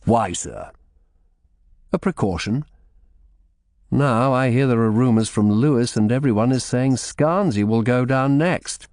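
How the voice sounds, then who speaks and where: A man's voice: mid-range voice, unhurried, pauses often, a little mellow, no room sound, studio quality, voice pushed up, close to an everyday voice. A man voicing a shrewd middle-aged lawyer who speaks firmly and asks probing questions.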